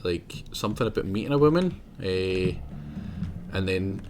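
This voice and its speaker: A man's voice: low-pitched, expressive, normal speed, a little mellow, a little hiss or hum. Chatty man streaming a game. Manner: rambling, chatty, talks to himself, laughs often. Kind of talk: casual live gameplay commentary.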